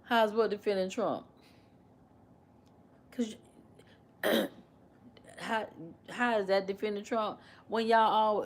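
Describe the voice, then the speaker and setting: A woman hosting a casual livestream, animated and repetitive as she questions and mimics her commenters. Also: mid-range voice, unhurried, pauses often. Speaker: livestream host.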